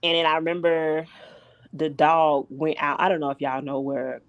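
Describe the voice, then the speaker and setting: A woman in her thirties chatting casually on a podcast, telling animated, exasperated stories. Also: deep voice, normal speed, dry recording, dull audio. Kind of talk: casual chat.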